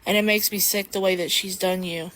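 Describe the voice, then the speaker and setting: A woman's voice: fairly low pitch, fairly even intonation, fairly quick, a bit bright, a little hiss or hum. A woman in a casual livestream chat, agreeing emphatically and backing up her friends.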